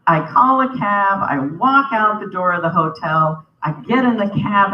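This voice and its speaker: Lively woman telling a story in a hall. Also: mid-range voice, moderate pace, hardly any pauses. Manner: animated, acts out the other people's lines. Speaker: banquet speaker. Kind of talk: humorous storytelling speech. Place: convention banquet hall. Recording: roomy, distant, slightly dull hall recording.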